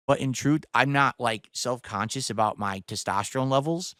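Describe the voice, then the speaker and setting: A man's voice: mid-range voice, moderate pace, few pauses, a bit bright, no echo. A man streaming from his home studio, mocking and cursing at a rival while talking to his chat. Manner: mocking, profane, scornful; addresses viewers and chat directly. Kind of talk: livestream rant. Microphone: studio microphone on a boom arm.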